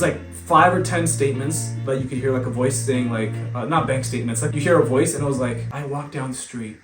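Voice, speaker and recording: A young adult man, telling stories to camera in an animated way and acting out the scenes. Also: mid-range voice. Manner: animated, acts out scenes, laughs while telling. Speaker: vlogger. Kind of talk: casual storytelling. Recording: roomy sound with guitar music. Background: guitar music.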